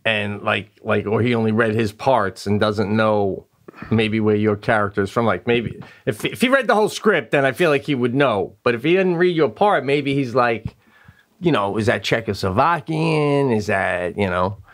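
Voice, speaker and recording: A man's voice: fairly low pitch, lively intonation, moderate pace. A man co-hosting a casual comedy podcast, playful and laughing as he riffs on jokes. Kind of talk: casual chat.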